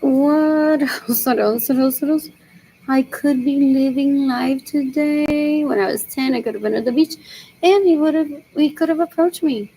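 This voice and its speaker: A woman's voice: high voice, a little slow, dark tone, a little hiss or hum, low-quality recording. A young woman rambling in a solo monologue, repeating herself and muttering as if to herself.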